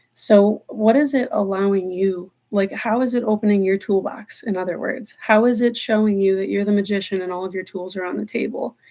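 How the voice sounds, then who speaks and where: A woman hosting a live tarot stream, talking in an earnest, meandering way, slowing down on key words and near tears at times. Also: mid-range voice, darkish tone. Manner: earnest, meandering, slows down for emphasis. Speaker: tarot reader livestream host. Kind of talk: live-stream spiritual talk.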